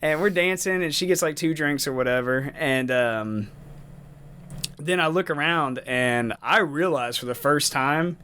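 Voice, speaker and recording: A man's voice: fairly high pitch, a little slow, pushed and bright, a little hiss or hum. Rambling, profane man telling a story. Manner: rambling, profane, laughs often. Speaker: podcast co-host. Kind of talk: casual storytelling chat.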